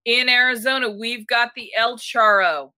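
A woman's voice: on the high side, moderate pace, bright, forceful tone. A woman hosting a casual panel chat, asking long, rambling questions full of restarts.

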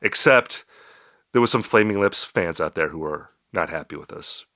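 Bright dry-voiced man co-hosting a podcast. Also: deep voice, lively intonation, moderate pace, no room sound. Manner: wry, self-deprecating humor. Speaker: podcast co-host. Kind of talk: casual podcast chat.

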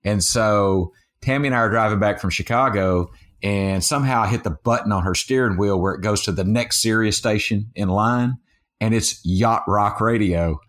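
A man's voice: lowish voice, moderate pace, fairly bright tone. A man co-hosting a podcast, chatting casually and rambling, correcting himself and laughing easily. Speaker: podcast co-host. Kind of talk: casual chat.

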